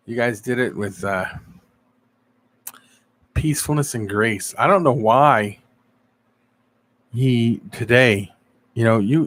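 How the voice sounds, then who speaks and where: Casual man chatting with stream viewers. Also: mid-range voice. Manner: animated storyteller, answers chat viewers. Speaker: live-stream show host. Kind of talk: casual live-stream chat.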